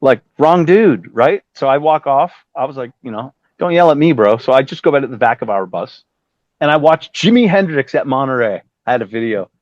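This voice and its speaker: With a mid-range, expressive voice at a brisk pace, a middle-aged musician guests in a casual interview. His long, profane anecdote rambles on as he performs the quotes of its characters. The sound is lo-fi, without echo.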